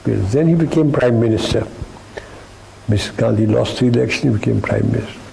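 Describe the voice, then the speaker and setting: A man's voice: medium pitch, fairly quick, creaky, dark tone, slight background noise, poor audio. An older man with an Indian English accent telling witty, dry anecdotes from his army career in an interview, acting out the people in his stories.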